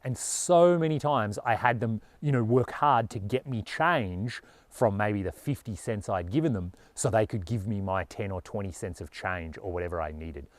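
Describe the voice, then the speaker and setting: A man's voice: fairly low pitch, lively intonation, moderate pace, dry recording. A man with an Australian accent talking earnestly and casually to camera as a travel vlogger, with a lot of "you know".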